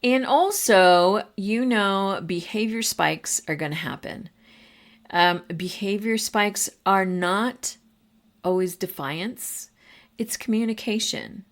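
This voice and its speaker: A woman's voice: medium pitch, slow pace. A woman hosting a podcast, talking casually and directly to fellow teachers with practical classroom advice. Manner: conversational, addresses listeners directly.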